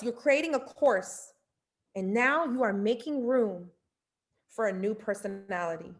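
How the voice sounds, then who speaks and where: A woman's voice: a little high, a little slow. A woman giving a casual, playful motivational mentorship talk, speaking directly to her listeners. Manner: animated and playful, acting out inner dialogue.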